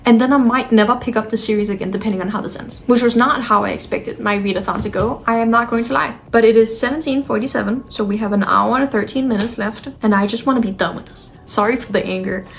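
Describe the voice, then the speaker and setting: A fed-up woman with a slightly high voice vents to camera from home. She sighs, swears bluntly and sounds thoroughly exasperated. Faint noise sits behind her. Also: quick pace, creaky, hardly any pauses. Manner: frustrated, ranting and swearing. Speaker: book vlogger. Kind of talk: casual vlog talk to camera.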